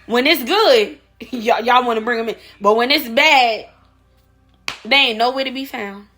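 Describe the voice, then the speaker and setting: Woman going off on a rant, lots of repeated questions, high sharp voice. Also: measured pace, faint music behind. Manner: emphatic, repeats rhetorical questions, addresses viewers as y'all. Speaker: vlogger. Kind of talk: opinion rant to camera.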